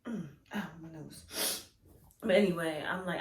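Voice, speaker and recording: A young woman speaks, telling a frank storytime vlog. She talks animatedly and acts out what others said with sudden leaps in pitch. The room around her is echoey. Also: unhurried, pauses often. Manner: animated and candid, acts out quoted lines with big pitch jumps. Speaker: vlogger.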